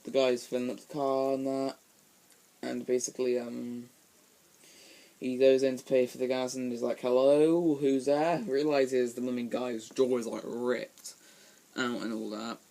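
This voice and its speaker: A man's voice: medium pitch, completely flat delivery, moderate pace, vocal fry, warm tone. A man giving a casual spoken film review from a room at home, rambling with lots of ums and restarts.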